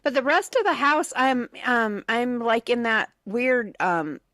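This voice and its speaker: A woman's voice: fairly high pitch, lively intonation, measured pace, fairly bright tone, no echo, studio quality. A woman co-hosting a morning radio show, talking casually with many ums and a wry humor. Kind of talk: casual on-air banter.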